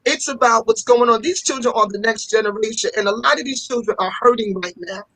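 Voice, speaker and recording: A woman's voice: fairly high pitch, brisk, a bit bright, dry recording, rough recording. Passionate woman telling stories, dry sound. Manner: passionate storytelling with repetitions. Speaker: fashion school owner and guest. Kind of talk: casual interview talk.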